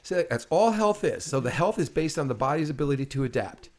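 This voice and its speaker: A man as an interview guest, explaining ideas in an animated, emphatic way during a casual conversation. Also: a little high, fast talker.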